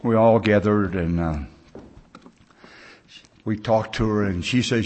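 A man's voice: fairly low pitch, slow pace, long pauses, darkish tone. A man in his sixties speaking at a recovery meeting, telling stories in a folksy, plain-spoken way with loose grammar.

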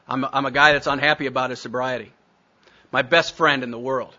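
Guy telling his recovery story, blunt and jokey, bright edgy voice, dull lo-fi sound. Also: medium pitch, steady tone, a little fast. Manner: blunt, storytelling, self-mocking humor. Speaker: speaker sharing recovery story. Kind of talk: recovery meeting talk.

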